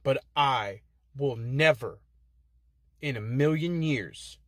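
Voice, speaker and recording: A man's voice: mid-range voice, takes it slowly, a bit bright, no room sound, studio quality. A man cutting an aggressive, profane wrestling trash-talk promo from inside a car, sounding heated.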